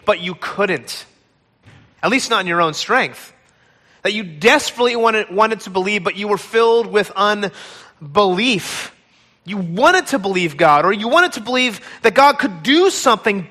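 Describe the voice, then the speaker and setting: A man preaching a sermon in a church, retelling a scripture story with dramatic, expressive delivery. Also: high voice, in a large hall. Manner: dramatic storytelling, acting out pleas. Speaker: pastor. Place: large church hall.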